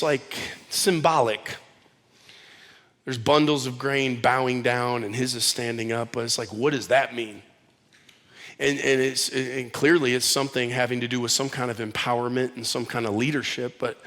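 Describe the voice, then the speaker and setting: A man preaching a sermon as pastor, telling stories in an animated, conversational way with casual slang. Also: on the high side. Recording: long hall reverb.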